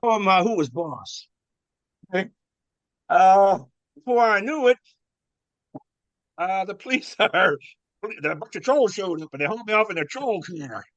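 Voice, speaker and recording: A man's voice: high voice, lively intonation, measured pace, pauses often, no room sound. An older man, a former wrestler, telling rambling stories with chuckles, fillers and restarts. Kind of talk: rambling storytelling. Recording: dull dry lo-fi sound.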